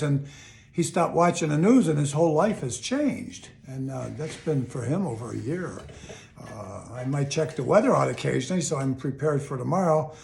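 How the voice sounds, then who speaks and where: A man's voice: mid-range voice, moderate pace, gravelly, darkish tone, slight background noise. An older man giving a casual, earnest, upbeat motivational talk to camera, often repeating his phrases. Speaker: motivational video host. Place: home in Chicago.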